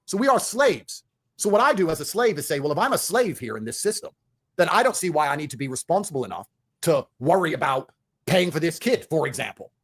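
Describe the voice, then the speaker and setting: Rapid, ranting man with a husky voice. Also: on the high side, big pitch swings. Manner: ranting, profane, repetitive declarations. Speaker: interview guest. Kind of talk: heated interview monologue.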